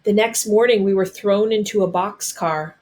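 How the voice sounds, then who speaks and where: Woman, storybook read-aloud, medium pitch, measured, dramatic narration. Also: a little mellow. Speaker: storybook reader.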